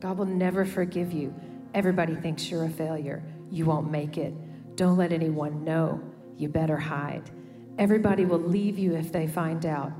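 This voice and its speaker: A woman's voice: sits low, fairly even intonation, moderate pace. A woman reading out accusing lines as the voice of the enemy in a sermon skit, in a big reverberant hall with music behind. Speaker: church volunteer voicing the enemy's lies.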